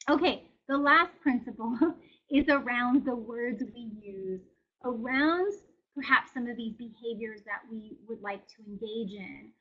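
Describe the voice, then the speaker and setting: A woman's voice: fairly high pitch, lo-fi sound. A woman presenting a wellness webinar, speaking conversationally and encouragingly with frequent fillers. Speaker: wellness educator.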